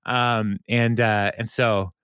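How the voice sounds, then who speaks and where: A man's voice: fairly low pitch, level tone, slow, a bit bright, clean tone, dry recording, clean studio sound. A man co-hosting a podcast, casually recapping an episode, laughing often and briefly mimicking the characters. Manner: retells scenes, briefly mimicking the characters' lines; laughs often while talking. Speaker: podcast co-host.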